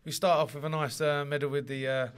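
A London rugby league player chats casually in an interview, rambling, repeating words and laughing often. His voice is fairly high and resonant, clear but flat in delivery, and he talks fast.

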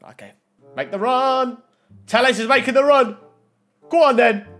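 A young man giving gameplay commentary on a football video game, excitable and talking straight to the game and his viewers. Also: very high voice, moderate pace, soft background music. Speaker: gaming YouTuber.

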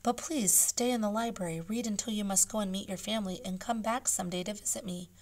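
A gracious old-world caliph from a storybook, wise and kind, speaking softly and courteously, as a woman reads him aloud. His voice sits at a middling pitch and stays gentle. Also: a little fast, close to an everyday voice. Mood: warm. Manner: hushed, gentle, courteous speech. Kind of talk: read-aloud storybook role.

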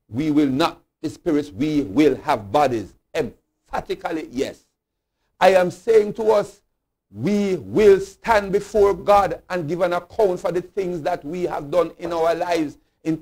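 A man from Jamaica leads a Bible study like a sermon, his fairly high voice moving at an unhurried, deliberate pace. He hammers on refrains, swelling to loud declarations before sinking back down low. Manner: emphatic, rising to loud declarations then dropping low; slow, deliberate preaching cadence with repeated refrains. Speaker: bishop teaching Bible study. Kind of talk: sermon-style Bible teaching.

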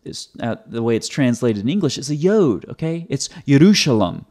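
Man, mid-pitched voice, sarcastic teaching commentary, explanatory, repeats words, host talking to viewers. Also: sing-song, normal speed, a little mellow.

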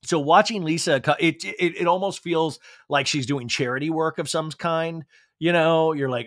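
A man's voice: on the high side, steady tone, normal speed, fairly bright tone, no echo, studio quality. A young adult man hosting a podcast, recapping TV with chatty, sarcastic asides. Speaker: podcast host. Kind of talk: comedic TV recap.

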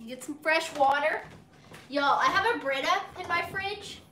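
Young woman, high voice, bubbly and chatty, home kitchen, phone on tripod. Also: unhurried, sharp tone, a little hiss or hum. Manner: bubbly, chatty, talks to viewers and her dog. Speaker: cooking livestream host. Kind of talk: casual live cooking chat.

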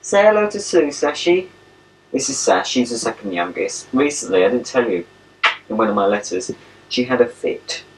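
A man's voice: on the low side, normal speed. A young English man chatting playfully to a pen pal on a home video, cooing at his dogs. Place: at home, indoors. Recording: old home video, distant mic, faint hiss.

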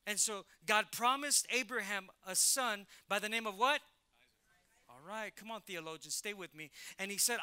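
A middle-aged male pastor preaching a sermon in an animated way, acting out Bible characters in casual slang. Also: sits high, moderate pace, smooth.

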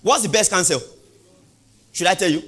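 Male pastor, sermon delivery, slightly high voice, call-and-response, emphatic crescendos. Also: slightly rough. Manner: call-and-response preaching, rising to loud emphatic peaks; repeats questions to the congregation, drawn-out emphasis.

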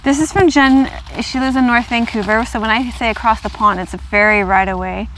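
A woman host chatting casually in her vlog as she unboxes gifts in a car, gushing and gasping with excitement. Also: mid-range voice, brisk, a little hiss or hum. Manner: gushing, excitable, gasps and squeals with delight. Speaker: yoga vlogger.

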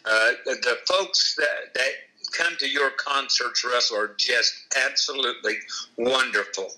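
Cheerful Kentucky man, bright folksy voice. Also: medium pitch, low-quality recording. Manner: folksy and upbeat, quick to laugh. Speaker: gospel group singer, interview guest. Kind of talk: casual phone interview. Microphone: phone call.

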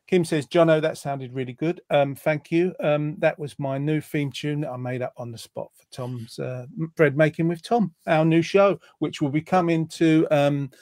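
A man's voice: a little high, steady tone, normal speed, hardly any pauses, a little mellow, no room sound, clean studio sound. A man hosting a casual online quiz show, reading out viewer comments in a jokey, rambling way. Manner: jokey, rambling, lots of ums. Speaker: host.

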